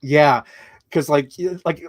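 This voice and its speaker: Young man, co-host, casual film chat, enthusiastic, rambling lists, fairly high voice, dry close sound. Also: takes it slowly, no room sound. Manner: enthusiastic, talks in long run-on lists with many "like"s. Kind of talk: casual movie discussion.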